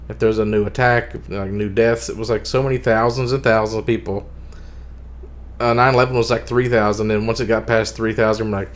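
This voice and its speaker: A man streaming a casual opinion rant, profane, rambling and sarcastic. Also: medium pitch.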